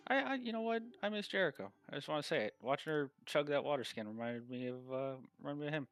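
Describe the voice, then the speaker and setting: A man chatting as a player at a tabletop game, upbeat and joking. His pitch moves a lot, and the sound is dry and close. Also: lively intonation, fast, fairly bright tone, clear, resonant tone, no echo, soft background music. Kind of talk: casual tabletop game chat.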